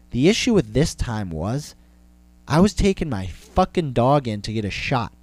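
Young man, solo podcast host, sweary comic rant, mid-pitched voice, keeps circling back. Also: big pitch swings, normal speed, darkish tone, no room sound. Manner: profane, exasperated, repetitive. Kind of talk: comedic ranting monologue.

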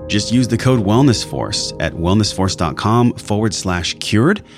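Hoarse raspy man hosting a podcast. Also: low-pitched. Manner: enthusiastic, playful, talks to listeners directly. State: hoarse from a sinus infection. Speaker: podcast host. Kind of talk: podcast intro and ad reads.

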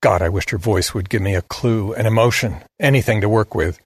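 Male audiobook narrator, husky and low, measured, grave first-person read, dry close mic. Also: no room sound. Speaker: story narrator.

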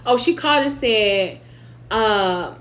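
A woman's voice: mid-range voice, expressive, slow, fairly bright tone. A woman co-hosting a podcast who tells stories bluntly and swears often. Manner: blunt, profane storytelling with lots of "like". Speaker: podcast co-host. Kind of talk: casual chat.

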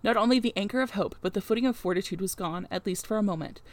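A woman reading a classic novel aloud in an expressive first-person narration, with wry, offhand asides. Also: mid-range voice, quick pace. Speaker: audiobook reader.

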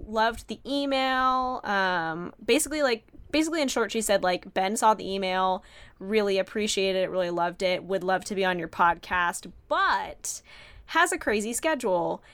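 A young woman hosting a podcast tells a long story in casual chat, her voice at an ordinary middle pitch. She talks in an animated way, full of "like" and "um", and acts out her own excited reactions. The sound is dry and close, with little room around it. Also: moderate pace, clear, resonant tone, no room sound. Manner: animated, quotes herself in excited voices, many fillers. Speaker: podcast host.

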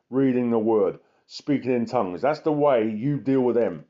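A man preaches as an evangelist, driving his points home with emphatic repetition. His voice is mellow and warm and sits at a middle pitch. The recording sounds muffled and lo-fi. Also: expressive, moderate pace. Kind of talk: sermon.

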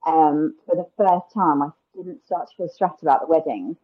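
Low, husky-voiced woman. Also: moderate pace, highs cut off. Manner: chatty, frequent "like" and "um" fillers. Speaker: guest, wedding planner. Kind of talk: casual podcast interview.

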